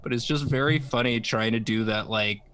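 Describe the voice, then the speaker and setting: A man with a bright, forceful voice at an ordinary pitch. He talks casually on a drawing stream, stopping and restarting sentences and dropping quick jokes. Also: clean tone. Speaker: co-host.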